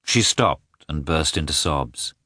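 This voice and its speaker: A man narrating a classic novel as an audiobook, in an expressive, measured telling. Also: very deep voice, no echo, clean studio sound.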